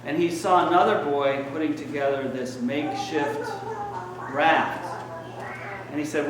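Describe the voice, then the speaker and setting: A priest delivers a sermon in church, telling stories conversationally and leaning on lots of fillers. His medium-pitched voice moves at a measured pace, picked up by a distant mic in an echoey room with crowd noise.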